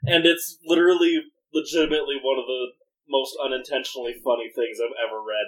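A giggly, excitable speaker in casual chat, telling a story and loudly quoting people. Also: medium pitch, fast talker.

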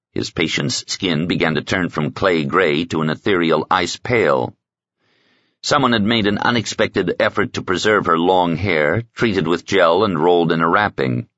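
Very deep-voiced male audiobook narrator. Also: fairly bright tone, no room sound, dull audio. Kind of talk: scripted narration.

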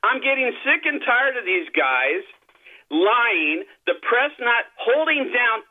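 A man's voice: very high-pitched, big pitch swings, takes it slowly. An agitated male caller vents on a call-in show, heated and indignant, going over the same points again and again. His voice catches with emotion as he talks. The sound comes through a thin, tinny phone line. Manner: heated, indignant, repeats himself. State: upset, voice breaking. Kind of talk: angry call-in rant.

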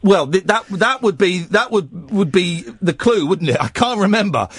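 A man's voice: high voice, animated, moderate pace, slightly rough. A man hosting a late-night radio phone-in, chatty and rambling with many restarts. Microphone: studio microphone.

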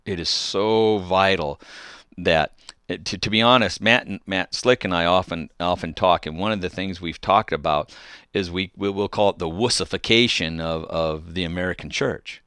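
A man's voice: deep voice, bright, forceful tone, smooth, dry recording, clean studio sound. A middle-aged man hosting a call-in radio show on faith, talking earnestly and exhorting listeners, often restarting his phrases.

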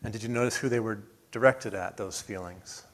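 Male pastor, lower pitch, earnest sermon delivery with rising emphatic swells and soft drops. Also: fairly quick. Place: church sanctuary.

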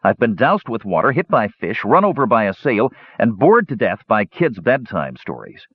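A man's voice: on the low side, big pitch swings, normal speed, slightly rough, dry recording, narrow, tinny audio, voice pushed up, full character voice. A man voicing a big, grumpy young warrior who talks bluntly and growls, hungover and irritable. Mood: fed up.

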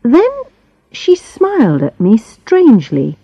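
A woman narrating a storybook in a calm, measured reading for learners. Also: on the low side, no room sound. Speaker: audiobook narrator. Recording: slightly muffled dry recording.

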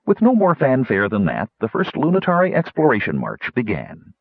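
A man narrating an audiobook in a measured, expressive storytelling manner. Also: mid-range voice, gravelly, dry recording. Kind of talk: scripted narration. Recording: dull, dry recording.

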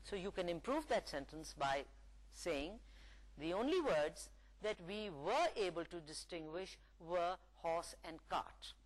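A woman lecturer giving a recorded English lesson, reading example sentences aloud in a slow, deliberate way. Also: on the low side, animated, rough recording. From Pakistan.

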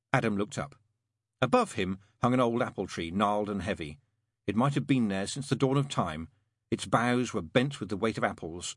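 With a fairly low voice that has a breathy edge, a middle-aged narrator reads a story aloud in a lively, playful storytelling style. The studio-quality recording carries no room sound.

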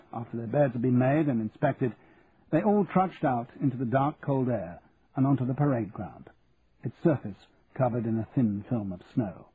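Man, audiobook narration, measured and even, middle pitch, phone-like narrow sound. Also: slight background noise. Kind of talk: scripted narration.

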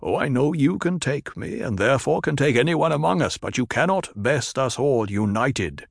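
A man doing a stern, measured tribal chief. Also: mid-range voice, expressive, gravelly, breathy edge, dry recording, clean studio sound, voice pushed up. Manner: measured, firm. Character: stern male tribal leader, grave and firm.

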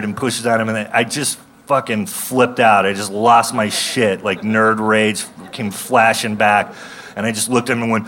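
A man's voice: fairly low pitch, steady tone, moderate pace, fairly bright tone, slight background noise. A man in his thirties telling a stand-up comedy story with a ranting delivery that breaks into bursts of mock rage. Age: 30s.

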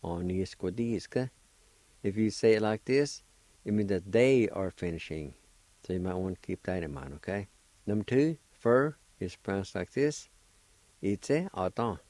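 Man, radio language lesson, slow and patient, low mellow voice, dry sound. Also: animated, dry recording, poor audio. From Oklahoma, US. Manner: encouraging. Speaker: language teacher and radio host.

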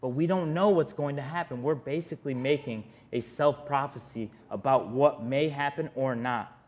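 A man's voice: medium pitch, moderate pace, darkish tone. A man preaching a sermon in an earnest, conversational way, often speaking straight to his listeners.

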